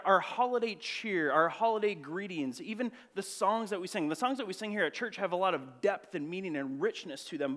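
A pastor preaching a conversational, earnest sermon in church, asking rhetorical questions. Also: male voice, high voice, a bit bright.

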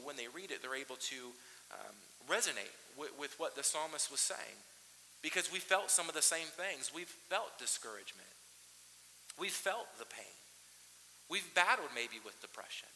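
A man preaching a sermon as pastor, impassioned, often rising into high emphatic bursts. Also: bright, forceful tone. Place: church hall. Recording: hissy recording in a reverberant hall.

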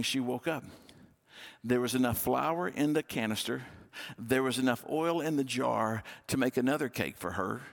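A man preaching a sermon from the pulpit at a middle pitch. He tells the story lively, stepping into the characters' voices as he goes. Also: vocal fry. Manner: storytelling, acting out biblical dialogue. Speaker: pastor.

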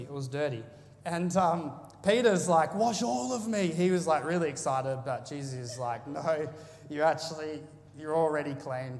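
A man preaching a sermon, reading scripture aloud and then explaining it in a casual, chatty way with fillers. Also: medium pitch. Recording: long hall reverb.

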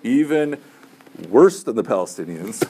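A middle-aged man, a Muslim chaplain, speaks to a student group in a room with background noise audible. His mid-range voice is sing-song and measured as he gives casual advice, often asking "right?" and "okay?".

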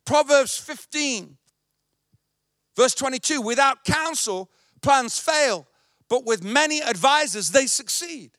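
A man's voice: extremely high pitch, animated, takes it slowly, a bit bright, no echo, studio quality. A male pastor preaching a sermon, emphatic and repetitive.

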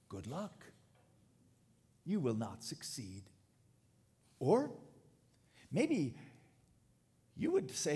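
Male pastor, sermon delivery, fairly high voice with a very lively range. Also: measured pace, long pauses. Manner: animated preaching, dropping to quiet tones for emphasis.

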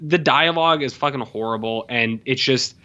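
A man co-hosting a podcast, reviewing a movie in casual, animated talk and swearing freely. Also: medium pitch, moderate pace, muffled recording. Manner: animated, profane, restarts often. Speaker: podcast co-host. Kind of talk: casual film review chat.

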